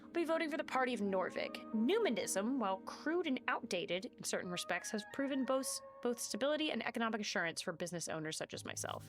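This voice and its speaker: A woman's voice: on the high side, animated, quick pace, faint music behind, natural voice. A woman voicing a well-off male mortician in a game, formal and a bit condescending, reading dialogue aloud. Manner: stiff, formal, mildly condescending.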